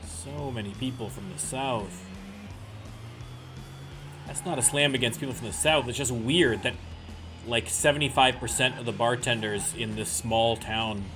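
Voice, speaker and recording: A man's voice: mid-range voice, a little slow. A man hosting a let's play, casually commenting on a music game in a chatty, wry, self-deprecating way.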